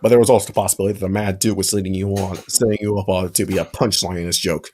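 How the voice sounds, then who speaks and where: A man's voice: low voice, level tone, very fast, darkish tone, a little hiss or hum. A man narrating a fanfic aloud with friends, in a casual reading with occasional slips.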